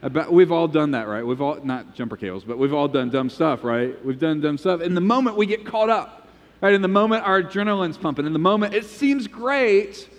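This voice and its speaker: A pastor preaching to his congregation, his voice sitting a bit high for a man. He tells the story with animated, acted-out quotes. A long reverb trails his words through the large church hall. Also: brisk. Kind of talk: sermon. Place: church sanctuary.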